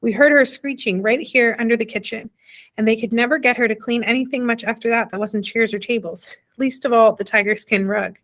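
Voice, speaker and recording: A fussy, anxious little mother who scolds with emphasis, as a woman reading a storybook puts her on. She speaks a bit louder and higher than the narration. Her lines are sharp and insistent. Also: a little fast. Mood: scolding.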